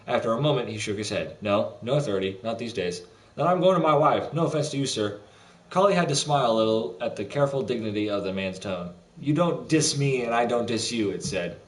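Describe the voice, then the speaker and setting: Guy streaming games, sounds far off in an echoey room, jokey, trips over words reading a book out loud. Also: medium pitch, animated. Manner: jokey banter, reads a novel aloud haltingly. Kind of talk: gaming livestream chat and reading aloud. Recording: roomy sound from away from the mic.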